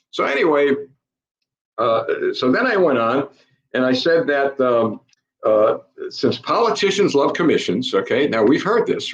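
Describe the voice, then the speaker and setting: Older man, political monologue, swooping animated pitch, emphatic. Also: reverberant, poor audio. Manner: emphatic, repeatedly addresses listeners as folks. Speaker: political commentator.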